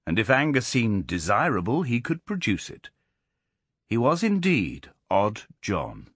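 Expressive male audiobook narrator. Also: lowish voice, husky, dry recording, studio quality. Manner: measured, expressive storytelling.

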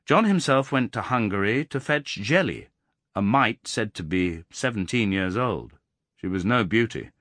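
A man narrating a novel in the first person, in a measured, expressive reading. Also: lowish voice, dry recording, clean studio sound. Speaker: audiobook narrator.

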